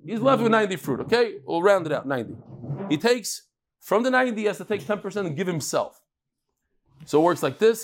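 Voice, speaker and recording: A man teaches a daily Talmud class to a live room. His voice sits a touch high and lively, and he stays emphatic, punching key words and tossing questions at his students. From Brooklyn, New York. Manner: animated, emphatic, quick asides and questions to the class.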